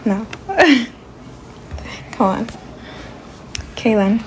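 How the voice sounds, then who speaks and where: A woman's voice: on the high side, sing-song, drawn-out words, a little hiss or hum. A French-accented mother in casual family banter, giggly and defensive.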